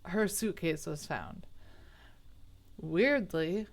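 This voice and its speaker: A woman's voice: fairly low pitch, expressive, drawn-out words. A woman retelling a true crime story in a chatty, rambling way, with asides, self-corrections and indignant remarks. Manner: baffled, indignant.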